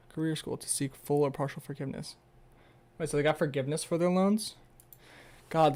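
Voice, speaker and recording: Rambling sarcastic young man, fairly high voice. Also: creaky, darkish tone. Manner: rambling, sarcastic, swears, stumbles when reading. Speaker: streamer. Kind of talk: casual livestream, reading an article aloud.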